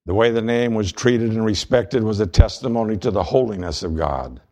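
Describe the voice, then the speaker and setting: A man delivers a sermon in a low voice, reading scripture and quotes aloud. He keeps a measured pace and slows down on the words he wants to stress. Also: darkish tone. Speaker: pastor.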